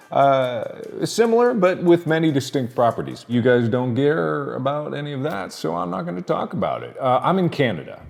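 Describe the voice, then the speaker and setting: A man's voice: medium pitch, vocal fry, darkish tone. An American man hosting a comedic snack-review vlog, rambling in a self-mocking way. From United States.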